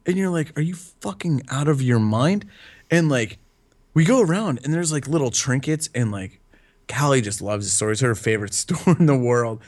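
A man's voice: medium pitch, lively intonation, moderate pace, darkish tone. Rambling, profane young man chatting. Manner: rambling, profane, laughs often. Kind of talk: casual chat.

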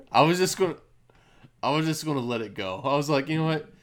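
A man's voice: on the high side, lively intonation, fairly quick. A man co-hosting a casual podcast, teasing his friend and laughing often.

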